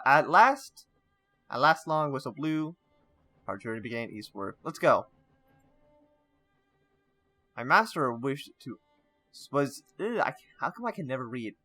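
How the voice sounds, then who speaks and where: A man's voice: medium pitch, pushed and bright. A man playing a story game, reading its text aloud with stumbles and breaking off into casual asides. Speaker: gaming channel host.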